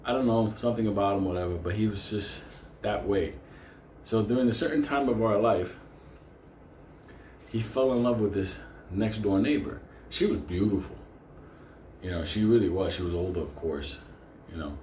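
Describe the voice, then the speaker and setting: A man's voice: lowish voice, moderate pace, a little hiss or hum. A man telling a story casually, swearing often and laughing through it. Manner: profane, laughing, animated. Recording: echoey room with faint ambience.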